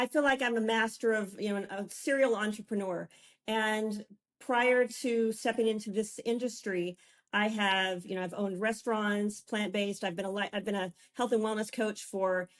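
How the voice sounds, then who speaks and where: A woman in her fifties, a wellness coach and guest, telling her own story in an effusive way, often restarting and getting emotional. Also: medium pitch. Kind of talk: candid personal storytelling.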